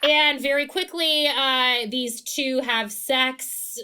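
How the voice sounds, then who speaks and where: A woman co-hosting a podcast, recapping a TV episode in a chatty, animated way with lots of fillers. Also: high-pitched, slow pace, clear, resonant tone. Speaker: podcast co-host. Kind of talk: casual recap chat.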